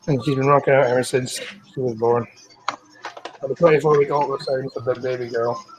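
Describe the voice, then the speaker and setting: A Scottish man hosting a live stream, reading news stories aloud casually, stumbling over words and clearing his throat. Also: mid-range voice, fairly even intonation, moderate pace, background noise.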